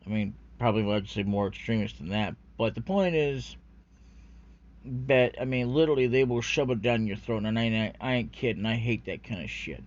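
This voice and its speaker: Male vlogger, mid-pitched, rambling profane rant, muffled lo-fi sound. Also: moderate pace. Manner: profane, rambling, full of fillers and restarts. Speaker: anime commentary vlogger. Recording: dull lo-fi recording.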